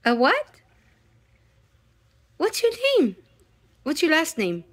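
A woman with a high, lively voice coaxes her pet at home, repeating little words in a playful sing-song. She drags each word out very slowly, as if teaching it. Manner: coaxing, sing-song, slow drawn-out words. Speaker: pet owner coaxing her dog. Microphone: handheld microphone held near the dog.

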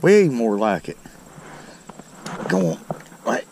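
Outdoors at a creek, a man running a fishing channel chats to viewers in a folksy style, exclaiming with every catch. His fairly low, darkish voice swings hugely in pitch and moves slowly, and the audio carries a slight hiss or hum.

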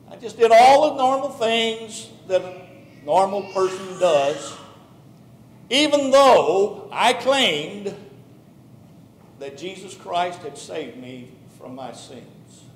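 High-voiced man preacher in echoey church. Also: big pitch swings, slow, pauses often, slight background noise. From Texas. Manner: earnest personal storytelling with building emphasis. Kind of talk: sermon. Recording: echoey church hall recording.

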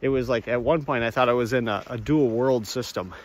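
A man vlogging on a walk outdoors, rambling in a halting way, often restarting and calling his viewers folks. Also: mid-range voice. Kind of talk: rambling walk-and-talk monologue. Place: outdoors on a walk among trees.

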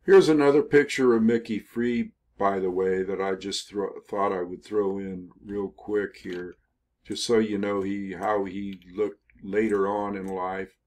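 An older man telling a history story in a casual, rambling way, with many pauses, fillers and self-corrections. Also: on the low side, fairly even intonation, a little mellow. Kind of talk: casual spoken history narration over photos.

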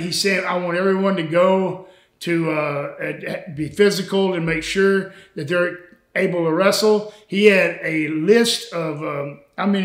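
An older man with a drawl recounts his wrestling days in a loose, folksy way. His voice sits notably high for a man. He laughs often, and the room around him rings with echo. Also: a bit bright. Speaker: retired wrestler and former booker. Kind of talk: storytelling interview.

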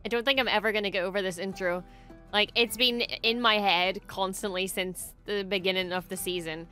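A young woman hosting a casual reaction video, excitable and quick to swear and gush. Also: mid-range voice, clean tone, faint music behind. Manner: excitable, swears often, gushes.

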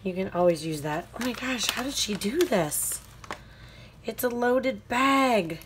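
A woman craft vlogger unboxes a mail swap, speaking at an unhurried pace and gushing over each piece. She pours out delighted exclamations and addresses the sender directly. Faint paper rustling sits under her voice. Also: a little high, animated, a little hiss or hum.

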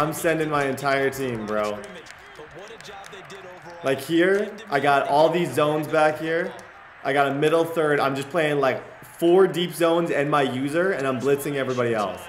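A young man playing a football video game, reacting loudly and cheering or yelling at each play as a gaming commentator. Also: fairly high pitch, moderate pace, reverberant. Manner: excitable, yells and cheers at plays. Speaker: gaming YouTuber.

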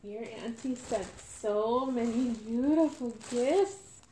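Woman vlogger, higher voice, slow and tearful with delight, unboxing chat. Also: slight background noise. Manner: gushing, emotional, slow and breathy with excitement. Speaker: doll collector unboxing a reborn doll. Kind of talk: unboxing vlog.

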